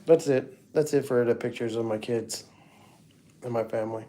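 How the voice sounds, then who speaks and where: Middle-aged man, livestream host, mellow tone, rambling casual chat. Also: medium pitch, fairly even intonation, moderate pace. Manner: rambling, talks to chat viewers by name.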